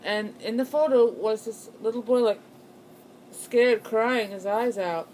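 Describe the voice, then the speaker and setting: A woman's voice: on the high side, a little slow, darkish tone, a little hiss or hum, low-quality recording. A young woman telling a personal ghost story in a casual, rambling way, full of fillers and restarts. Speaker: channel host.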